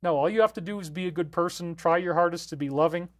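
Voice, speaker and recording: A man's voice: fairly high pitch, fast. A man hosting a live stream, reading viewer comments aloud and answering them in an easygoing, off-the-cuff way.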